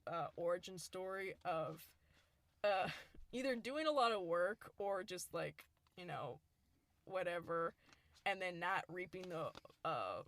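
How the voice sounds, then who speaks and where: A young woman co-hosting a podcast, telling stories in a casual, animated way with quick asides. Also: on the low side. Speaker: podcast co-host. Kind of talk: casual storytelling chat.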